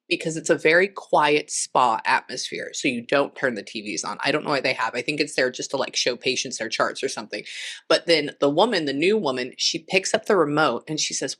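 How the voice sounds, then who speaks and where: Woman guest, deep voice, lively anecdotal podcast storyteller. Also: fairly quick. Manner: animated, acts out voices in stories. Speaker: psychic medium guest.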